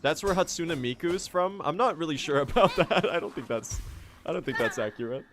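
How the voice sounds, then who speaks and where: Talking fairly quickly in an animated, somewhat high voice, this Swedish man sounds American as he speedruns a game on stream. He's chatty, swears occasionally and responds to questions from chat. The background is noisy.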